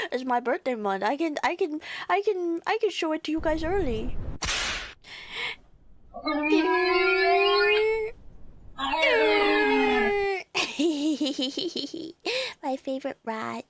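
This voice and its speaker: A young woman streaming live, chatting casually with her viewers in a bubbly, giggly way, often squealing with excitement. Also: high-pitched.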